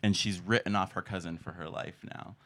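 A man co-hosting a podcast, chatting in a gossipy, enthusiastic way with quick asides. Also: low-pitched, steady tone, a bit bright, no room sound. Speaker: podcast co-host. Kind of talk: casual chat.

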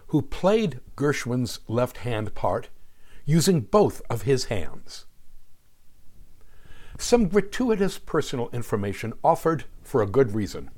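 A man in his sixties, from New Jersey, hosts his show with scripted narration. His pitch swings widely as he tells stories in a dry, sardonic way. His voice sits in a middling register. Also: darkish tone. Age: 60s. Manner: wry, sardonic storytelling. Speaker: podcast host.

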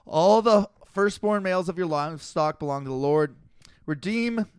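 Brief: male podcast host, high smooth voice, dry close mic, reads verses then cracks jokes. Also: lively intonation, moderate pace, no room sound. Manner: reads scripture aloud then riffs, laughs often. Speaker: podcast host reading the Bible. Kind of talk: casual comedic chat.

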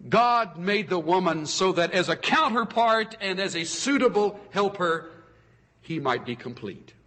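A man preaching a sermon as a pastor, with expressive delivery that swings from soaring exclamations to hushed, intimate asides. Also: high voice, a little slow, big-room sound.

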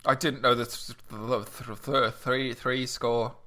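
Bright-voiced Frenchman chatting casually. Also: mid-range voice, flat delivery, a little slow. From France. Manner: easygoing, hesitant with restarts. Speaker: podcast guest. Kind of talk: casual chat.

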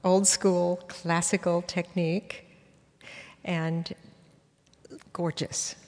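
A woman hosting an interview, asking measured questions with gentle prompting. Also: on the low side, flat delivery, long reverb tail. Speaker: interview host. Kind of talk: interview conversation.

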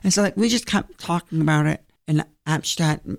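A young man, a stage actor, chatting in an interview and telling animated stories full of fillers. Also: a little high, moderate pace, vocal fry, no echo, clean studio sound. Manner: animated storytelling with many fillers. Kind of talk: casual interview.

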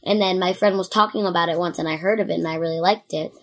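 An eleven-year-old girl chatting as a podcast guest, with lots of "like" fillers and a lively, chatty manner. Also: fairly low pitch, fast. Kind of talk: casual chat.

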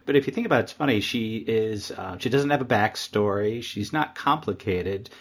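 Male podcast host, lowish voice, measured and thoughtful, pauses with fillers. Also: lively intonation. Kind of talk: interview questions.

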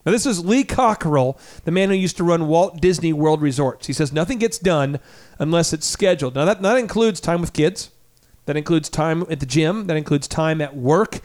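A man's voice: a little high, moderate pace, a little mellow. A male radio show host who talks energetically and emphatically, speaking straight to his listeners. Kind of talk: radio talk show interview.

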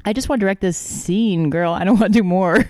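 A woman's voice: mid-range voice, a little fast, dark tone, no echo, studio quality. A woman co-writer reading her own story draft aloud in the first person and chatting between passages, often laughing. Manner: giggly, reads in first person. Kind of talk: reading aloud and casual chat. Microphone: video call.

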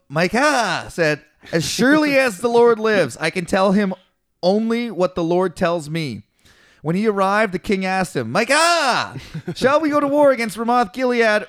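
A podcast co-host with a high, somewhat bright voice reads a scripture passage aloud in a casual way. He retells it with slangy, swearing asides and mimics the figures in it.

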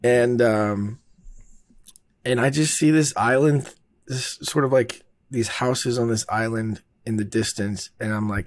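A man's voice: medium pitch, measured pace, no room sound. A man, a filmmaker, telling a long behind-the-scenes story in a casual, rambling way, full of fillers and swearing. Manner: rambling, laid-back, heavy on fillers and swearing.

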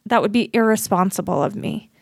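A woman's voice: medium pitch, brisk, creaky, no echo. Earnest woman advocate in a dry interview. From Utah, USA. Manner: earnest, reflective, self-critical. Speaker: guest, advocate.

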